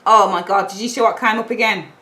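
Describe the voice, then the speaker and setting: A woman's voice: mid-range voice, fairly even intonation, fast, sharp tone, poor audio. A woman giving a casual, chatty tarot reading, stressing points by repeating them. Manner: chatty, emphatic, repeats points, acts out little quoted exchanges. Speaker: tarot reader.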